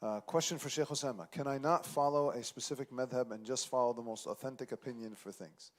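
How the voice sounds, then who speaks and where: A man of middle pitch moderates the session, reading audience questions aloud. He speaks casually and fills his pauses with short sounds.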